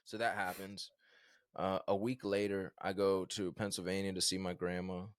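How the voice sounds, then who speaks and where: A man in his thirties from Virginia, a podcast guest telling a personal story in an animated, casual way with lots of fillers. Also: low voice, moderate pace, no room sound, clean studio sound. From Virginia, USA. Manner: animated, conversational, many fillers like "like" and "bro".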